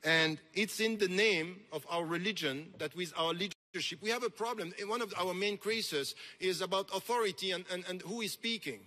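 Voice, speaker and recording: A man's voice: high voice, moderate pace, few pauses. A man, giving an impassioned, emphatic conference lecture. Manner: impassioned, emphatic, rising to forceful peaks. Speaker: speaker. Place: large lecture hall.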